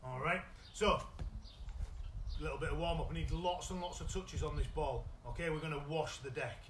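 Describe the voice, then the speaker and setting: A man with a British accent coaching children's football in a live online session, giving energetic, encouraging instructions. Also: fairly high pitch, normal speed, reverberant, slight background noise, low-quality recording. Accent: British English. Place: indoors at home.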